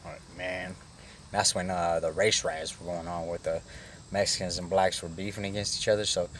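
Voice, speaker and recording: A man's voice: low voice, little pitch movement, brisk, fairly bright tone, a little hiss or hum. A middle-aged man telling a rambling personal story in casual, profane street slang. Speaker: vlogger.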